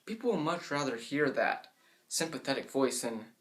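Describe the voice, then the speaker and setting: A young man giving casual advice in a vlog. He admits he tends to speak in a monotone, and he fills his talk with "I mean" and "like". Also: mid-range voice, normal speed. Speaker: vlogger giving tips.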